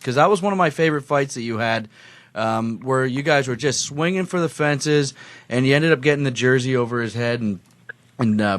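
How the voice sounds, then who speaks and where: A man's voice: mid-range voice, no room sound. A male podcast host asks his guest question after question with a fan's eagerness. He speaks in an average voice, and the recording sounds close and dry, with almost no room in it. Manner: eager fan who asks about the guest's fights. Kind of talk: casual podcast interview.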